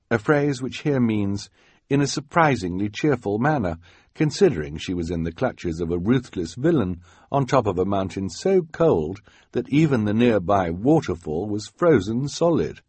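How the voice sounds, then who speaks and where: A man's voice: fairly low pitch, a little mellow, slightly rough, dry recording. A man reading an audiobook in a dry, wry storytelling manner. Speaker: audiobook narrator. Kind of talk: scripted narration. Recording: dry studio voice-over.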